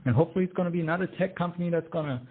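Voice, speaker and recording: A man's voice: very fast, husky. Upbeat German man on a phone line. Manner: upbeat, enthusiastic pitch. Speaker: guest, inventor. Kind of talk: interview.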